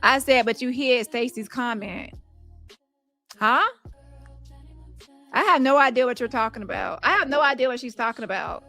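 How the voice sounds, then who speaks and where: Blunt cussing woman host, high bright voice, faint music behind. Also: normal speed, long pauses. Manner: blunt, profane, animated, laughs often. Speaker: commentary host. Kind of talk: casual commentary reading messages aloud.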